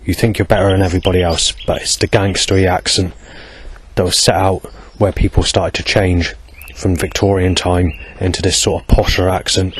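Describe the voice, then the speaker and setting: A man's voice: sits low, little pitch movement, moderate pace, slightly rough. A man vlogging in a rambling, hesitant monologue, full of fillers and restarts.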